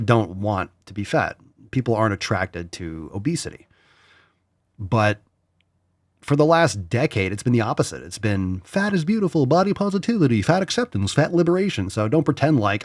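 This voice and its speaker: A man's voice: mid-range voice, big pitch swings, normal speed, no room sound, clean studio sound. A man hosting a podcast, talking bluntly and profanely in casual chat, mocking others in put-on voices. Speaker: podcast host.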